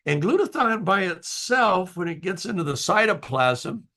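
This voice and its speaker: A man's voice: high-pitched, big pitch swings, normal speed, bright, forceful tone. Earnest rambling man addressing his team. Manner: earnest, rambling, with fillers and restarts; emotional at times. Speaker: company founder addressing distributors. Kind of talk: casual motivational talk.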